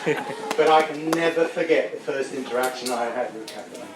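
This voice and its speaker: A man's voice: mid-range voice, fairly quick. Guy rambling thru a sentimental speech, choking up, echoey hall, noisy. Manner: rambling, self-deprecating, choking up. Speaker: speaker at a farewell gathering. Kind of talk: heartfelt speech to a crowd. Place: large room with a crowd. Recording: echoey hall, mic from far off.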